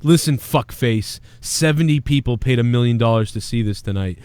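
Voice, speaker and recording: A man's voice: mid-range voice, moderate pace, a little mellow, clean tone, no echo, pitched below the performer's own voice, natural voice. A man voicing a threatening male kidnapper who swears and taunts his captive. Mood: menacing.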